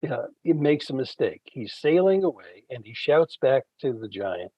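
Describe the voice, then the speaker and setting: A man, a Bible scholar guest, retelling ancient stories in an unhurried conversational way with frequent fillers. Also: medium pitch, big pitch swings, slightly rough, no room sound, lo-fi sound. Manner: unhurried storytelling, frequent fillers, acts out quoted characters.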